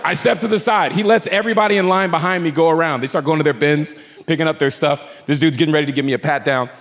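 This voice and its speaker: A man telling a stand-up story on a club stage, moving from low mutters to shouted punchlines. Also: quick pace. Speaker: stand-up comedian. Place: comedy club stage before a live audience. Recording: live club recording, long reverb, crowd noise. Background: audience laughter.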